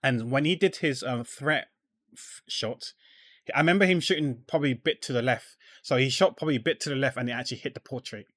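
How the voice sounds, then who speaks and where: A man giving casual, rambling commentary while playing a game, full of fillers and restarts that trail off quietly. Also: mid-range voice, fast, no room sound. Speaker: gamer.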